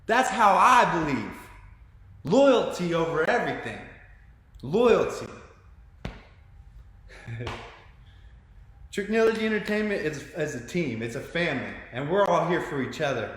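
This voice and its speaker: A man, telling his own story in an earnest, excitable monologue full of restarts. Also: on the high side, measured pace. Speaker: vlogger sharing his story. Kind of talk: emotional personal monologue. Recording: very echoey room with long reverb.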